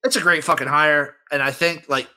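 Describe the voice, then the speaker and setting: A man's voice: fairly high pitch, steady tone, brisk, bright, forceful tone. A man co-hosting a casual sports podcast, laid-back but blunt, swearing casually as he gives his takes. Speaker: podcast co-host.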